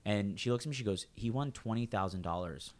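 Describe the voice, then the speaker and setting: A man's voice: on the low side, a little fast. A man in casual chat, telling a long work story with lots of acted-out quotes and swearing. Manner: animated storytelling, swears freely, acts out coworkers' lines.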